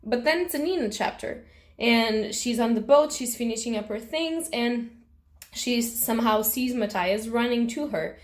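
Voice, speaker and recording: A woman's voice: fairly high pitch, moderate pace. A young woman book vlogger in a casual, emotional reaction vlog, gushing and swearing freely.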